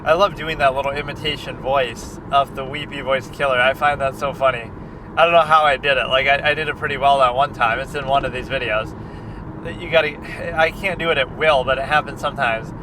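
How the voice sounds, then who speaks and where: A man's voice: mid-range voice, fairly even intonation, a little fast. A man in a casual reaction chat as a film critic, rambling and conversational, with lots of fillers and restarts. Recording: distant mic with street traffic noise.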